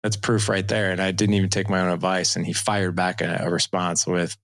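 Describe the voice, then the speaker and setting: A man's voice: low-pitched, fairly quick, dry recording. A man in his forties, a dad coach guest on a podcast, chatting casually and acting out family conversations as he tells stories. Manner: animated storytelling, acts out dialogue. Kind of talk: casual interview talk.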